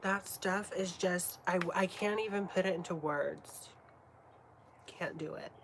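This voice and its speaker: A woman's voice: lowish voice, a little slow. A woman in her late twenties chatting casually on a live stream, swearing freely and often dropping to a whisper. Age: late 20s. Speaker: livestreamer chatting with viewers. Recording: steady background noise.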